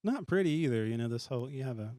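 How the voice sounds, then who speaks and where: A man's voice: mid-range voice, lively intonation, fast, warm tone, dry recording. A man co-hosting a podcast, easygoing and enthusiastic in casual chat. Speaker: podcast co-host.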